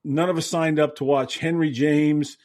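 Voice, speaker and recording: A man's voice: fairly high pitch, fairly even intonation, moderate pace, a little mellow. Emphatic man ranting about sports. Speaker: podcast co-host. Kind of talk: casual sports chat.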